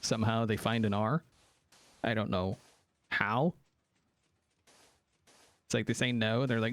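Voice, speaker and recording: A man's voice: on the low side, unhurried, long pauses, no room sound. A man chatting casually on a live stream, joking around and reacting to viewers' comments. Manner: animated, joking, reacting to chat.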